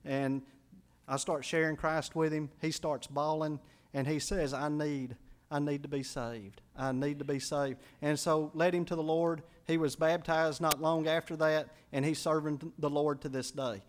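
Male pastor, high-pitched, earnest storytelling sermon voice. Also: flat delivery, a little slow. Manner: earnest storytelling, quotes people in their voices.

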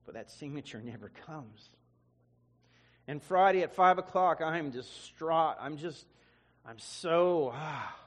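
A man preacher tells an emotional testimony and often repeats words as he speaks. His voice is somewhat high for a man. A long reverb from a big hall hangs behind him. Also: animated, slow. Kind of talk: sermon testimony.

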